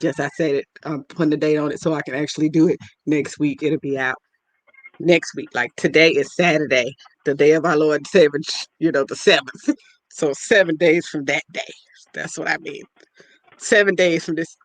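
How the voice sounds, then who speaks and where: A woman's voice: deep voice, moderate pace, no echo. Playful woman podcast host, dry sound. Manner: playful, joking, talks straight to listeners. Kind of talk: casual podcast chat.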